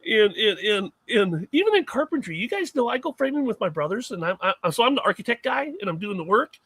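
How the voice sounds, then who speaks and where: A middle-aged man with a bright, high voice and a slightly husky edge, rambling through self-mocking stories on a podcast. He restarts his sentences often, and the sound is close and dry. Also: sing-song, fairly quick, no room sound. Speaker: guest, mining equipment maker. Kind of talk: casual podcast chat.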